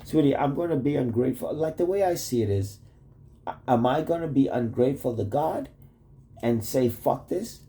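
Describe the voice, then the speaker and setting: A man talks straight to camera in a loose, wandering video message to his wife. His voice sits at an ordinary middle pitch with a dark, mellow tone. He swears freely and keeps breaking off into "like" and half-finished thoughts. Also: lively intonation, moderate pace. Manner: rambling, profane, full of "like" and restarts. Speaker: vlogger addressing his wife. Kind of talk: rambling casual video message.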